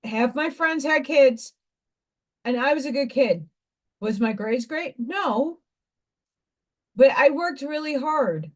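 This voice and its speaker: A woman's voice: high voice, lively intonation, slow pace, pauses often. A woman hosting a livestream, her voice sitting a little above the usual range. She rambles from point to point, stresses her words hard, and breaks off to greet viewers by name. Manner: rambling and emphatic, greets viewers mid-sentence. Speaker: livestream host and school teacher. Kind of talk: casual livestream chat.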